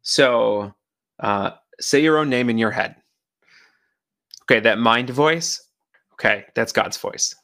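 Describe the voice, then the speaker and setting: A man's voice: mid-range voice, slow, pauses often, fairly bright tone. A man co-hosting a faith podcast, reflecting in casual conversation and thinking aloud with many fillers. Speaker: podcast co-host.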